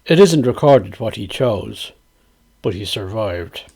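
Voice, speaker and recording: Lively Dublin storyteller man. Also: lowish voice, slow, creaky, husky. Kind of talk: recited tale.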